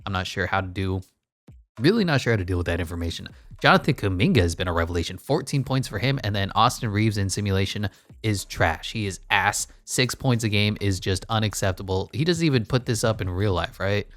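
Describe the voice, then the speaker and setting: A man's voice: on the low side, lively intonation, fairly quick, fairly bright tone, no echo. A man giving casual, blunt commentary while playing a basketball management game, full of wry asides. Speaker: gaming YouTuber.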